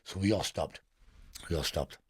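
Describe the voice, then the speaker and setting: A husky, low-pitched Englishman with a Geordie accent spins prison stories at a moderate pace while guesting on a casual podcast interview. He's blunt, swears constantly, and laughs at his own tales, all in a dry, studio-quality recording.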